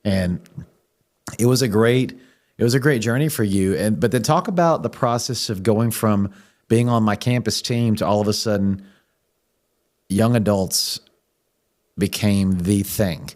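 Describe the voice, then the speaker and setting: A man's voice: on the low side, measured pace, long pauses, darkish tone. A man hosting a church podcast, asking his guest questions in a rambling, encouraging way with many restarts. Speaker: podcast host and campus pastor. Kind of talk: conversational interview.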